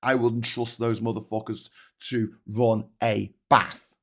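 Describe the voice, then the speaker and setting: A man's voice: medium pitch, level tone, slow pace, a bit bright, a little hiss or hum. A middle-aged man with a Scouse accent hosting a livestream, ranting angrily and bluntly with heavy swearing, then reading out viewer comments. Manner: angry, profane, blunt. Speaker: host.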